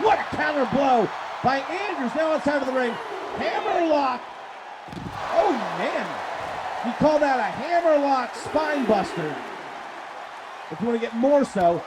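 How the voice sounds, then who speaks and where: A man calling live wrestling play-by-play, excitable and profane, often shouting. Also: extremely high pitch. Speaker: play-by-play commentator. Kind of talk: live wrestling commentary on a stream. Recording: streamed commentary over crowd noise.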